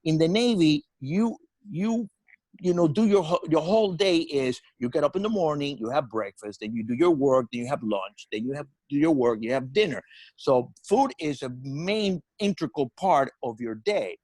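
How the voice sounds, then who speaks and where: An older man spins a comic tale with lots of swearing and repeated false starts, his voice sitting somewhat high for a man. The sound is dry and close, with no room echo. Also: moderate pace. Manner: animated, profane, frequent restarts. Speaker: comedian. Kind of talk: comic storytelling.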